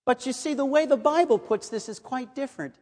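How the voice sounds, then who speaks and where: A man preaching a sermon in a measured, earnest way, reading and explaining scripture. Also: extremely high pitch, a little mellow. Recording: long hall reverb.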